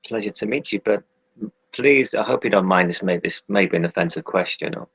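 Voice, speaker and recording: A man's voice: deep voice, brisk, a bit bright, husky, no echo, full character voice, rough recording. A man voicing his own character, a polite and curious male doctor, who asks questions hesitantly.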